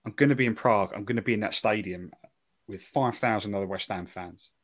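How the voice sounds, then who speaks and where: A man's voice: fairly low pitch, a little fast. Emotional young man gushing about football. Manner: emotional, gushing, repeats himself. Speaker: podcast co-host. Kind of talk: casual chat.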